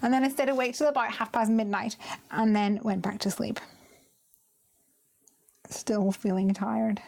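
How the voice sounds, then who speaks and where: A woman hosting a live crafting stream, chatting casually and laughing often as she tells stories and works, sometimes muttering quietly to herself. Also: a little high, steady tone, a little slow, gravelly. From United Kingdom. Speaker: craft livestream host. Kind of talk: casual chat while crafting.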